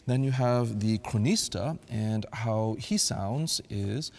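A priest giving an earnest, devout talk on liturgical chant, now and then singing a phrase to show how it sounds. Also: male voice, fairly low pitch, moderate pace, vocal fry, darkish tone, in a large hall.

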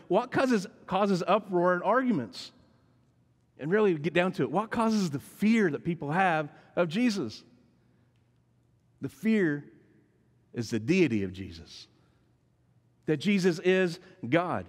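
A man preaching a sermon, telling the story dramatically and shifting between hushed and emphatic lines. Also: high voice, lively intonation, measured pace, long pauses. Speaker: pastor. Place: church sanctuary. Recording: long reverb in a large church hall.

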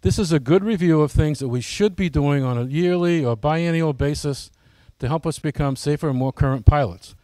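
A man's voice: fairly high pitch, moderate pace, hardly any pauses, warm tone, no echo. Folksy man giving a club talk. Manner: folksy, asks the audience direct questions. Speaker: flying club presenter. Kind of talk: casual presentation to club members.

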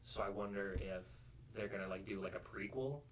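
A man's voice: lowish voice, brisk, a loud crowd. A man co-hosting a casual podcast, self-mocking and joking with casual swearing. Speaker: podcast co-host. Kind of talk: casual chat. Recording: distant mic with faint noise.

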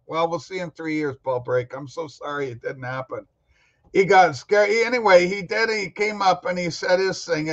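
A man with a high, fairly bright voice hosts a casual record-collecting livestream, rambling and joking as he responds to chat commenters in easygoing live-chat style. The recording sounds muffled.

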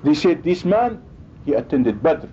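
A man's voice: very animated, a little slow, mellow. A man preaching a sermon with emphasis, acting out quoted exchanges as he goes. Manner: emphatic, acts out quoted dialogue. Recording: dull lo-fi recording with faint rumble.

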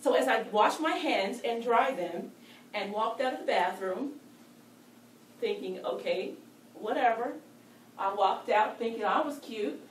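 A woman's voice: on the high side, unhurried, a little hiss or hum. Playful woman storyteller, distant mic in a roomy hall, faint background ambience. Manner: animated and playful. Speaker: storyteller at a speaking club. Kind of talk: told personal story.

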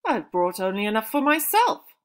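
A woman's voice: fairly high pitch, very animated, moderate pace. Woman reading as Manyara, a haughty scheming sister. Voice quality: scornful, falsely sweet.

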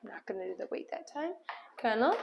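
A woman's voice: mid-range voice, animated, quick pace, creaky, highs cut off, noisy background. A woman dog trainer explaining each step while giving short commands and praise to a dog in an indoor room. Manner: upbeat praise, firm cues.

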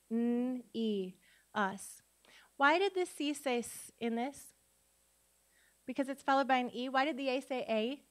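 A woman at a conference workshop who leads the audience through spelling dictation, sounding words out syllable by syllable and asking them questions. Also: fairly high pitch. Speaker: literacy teacher and conference speaker. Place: conference room before an audience.

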